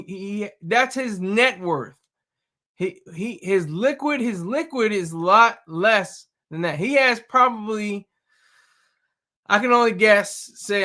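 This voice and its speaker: A man with a high, sharply bright voice, chatting casually and excitably. He keeps tripping over his words and restarting his sentences. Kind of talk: casual chat.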